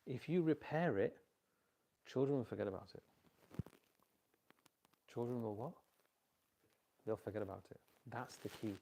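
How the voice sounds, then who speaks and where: A man's voice: medium pitch, unhurried, creaky, long pauses, slight background noise. A middle-aged man giving an informal religious talk on parenting to a live audience, telling stories and quizzing listeners with repeat-back questions. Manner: storytelling with animated quoted voices.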